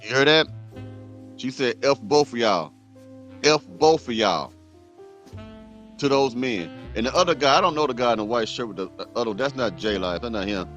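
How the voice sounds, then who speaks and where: A man's voice: medium pitch, fast, fairly bright tone, dull audio, soft background music. Heated, blunt male host ranting. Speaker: host reacting to a clip. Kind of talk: commentary rant.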